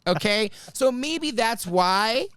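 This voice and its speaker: A man hosts a podcast, swapping into quoted voices and cursing as he tells his story. His pitch swoops widely through the telling. The sound is dry and close, with no room around it. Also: slow, clear, resonant tone, no room sound. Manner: animated, swears freely, acts out quoted voices. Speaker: podcast host. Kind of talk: casual storytelling chat.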